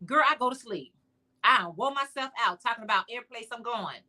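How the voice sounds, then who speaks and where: Chatty, bright-voiced woman livestream host. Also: fairly high pitch, expressive, fairly quick. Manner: chatty, playful, talks straight to viewers; sassy, teasing asides. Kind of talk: casual live chat.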